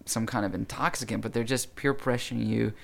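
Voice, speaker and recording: A man's voice: mid-range voice, steady tone, a little fast, creaky. A talkative man hosting a casual conversation, telling stories earnestly. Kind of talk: casual chat.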